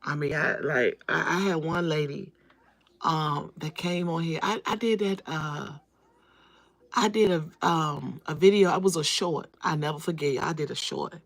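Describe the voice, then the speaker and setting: Her low-pitched voice moves at a measured pace as she hosts a casual live-stream chat. She talks straight to viewers, welcomes them by name, and says phrases more than once to stress them.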